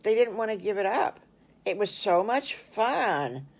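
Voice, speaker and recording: Slow, folksy grandmother storyteller. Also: medium pitch, very animated, creaky, husky. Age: older. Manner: folksy, exclaiming "oh my goodness gracious". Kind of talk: improvised children's story narration.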